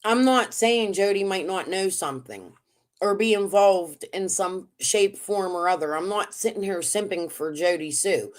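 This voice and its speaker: A woman's voice: mid-range voice, moderate pace. A woman on a livestream, accusing and confronting others with emphatic insistence. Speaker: livestream guest. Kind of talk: heated casual commentary.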